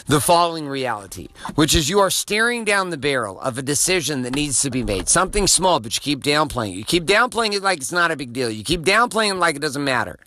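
A man's voice: fairly high pitch, pushed and bright. Intense, profane motivational man. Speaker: motivational podcast host. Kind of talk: motivational monologue.

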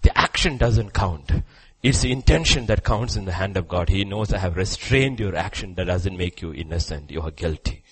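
A man preaching a sermon who swings between hushed, low passages and loud, high exclamations. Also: moderate pace, breathy edge, no echo, low-quality recording.

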